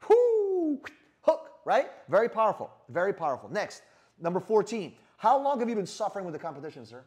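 A man giving an energetic sales coaching talk in a brash manner, swearing freely and often asking "right?". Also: high-pitched, fast talker. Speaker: sales trainer.

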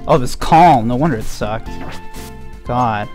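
A young man streaming a game, rambling in a mock-mournful way and filling pauses with lots of ums. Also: medium pitch, a little mellow, soft background music. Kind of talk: casual let's-play commentary.

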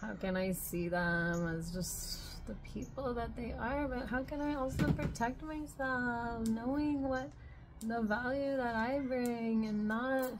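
A young woman talking to camera in a casual, reflective spiritual vlog, rambling with lots of "like" and sometimes dropping to a soft whisper. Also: a little high, slow, slight background noise. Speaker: spiritual vlogger.

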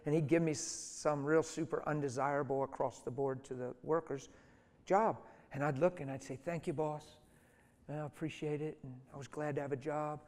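A middle-aged man preaching a sermon through stories, dropping to hushed tones and then rising to loud, emphatic lines. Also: fairly high pitch, steady tone, a little fast. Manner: storytelling, swings from soft and hushed to loud and emphatic. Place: church hall. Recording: reverberant hall.

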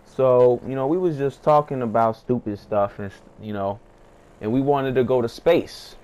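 A young storyteller vlogger spins a comic story-time tale in a slangy, rambling way, packed with fillers and bursts of hype. His mid-range, slightly mellow voice moves at a moderate pace, and he acts out his friends' voices when quoting them.

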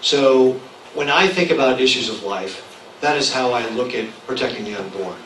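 A man answering as a candidate in a public debate, measured and assertive. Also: mid-range voice, a bit bright. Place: public hall. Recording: echoey room from far off, faint noise.

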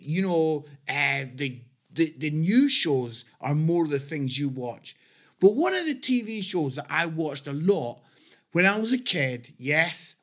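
Scottish man, middle-aged, unhurried and a touch high, warm humorous storyteller for an online church service. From Scotland. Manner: chatty, humorous, animated storytelling. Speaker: church speaker. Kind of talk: storytelling sermon talk.

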